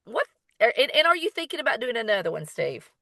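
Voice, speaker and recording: A woman co-hosting a podcast, appreciative and curious, asking questions with quick stammered restarts. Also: on the high side, very animated, creaky, pushed and bright, no room sound. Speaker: podcast co-host. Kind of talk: casual interview chat.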